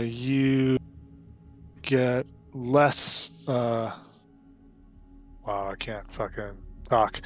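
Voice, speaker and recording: A man narrating as game master of a tabletop game, speaking haltingly with many fillers. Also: medium pitch.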